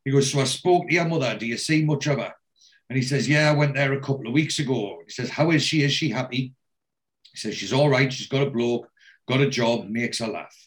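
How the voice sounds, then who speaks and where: A man hosting a casual podcast, retelling a TV episode scene by scene and quoting the characters' lines, with a steady "he says" between quotes. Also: medium pitch, brisk. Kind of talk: casual chat recapping a TV episode.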